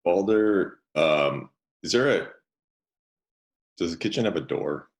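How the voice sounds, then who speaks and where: A man playing in a tabletop game, describing his character's actions in a halting way, with many fillers. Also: sits low, animated, gravelly. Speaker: player. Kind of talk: tabletop role-play.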